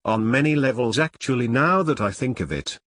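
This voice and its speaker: A man's voice: mid-range voice, expressive, a little fast, a bit bright, no room sound, clean studio sound. A man voicing a middle-aged cat lady, a gangster's mother, confessing in a pleading way.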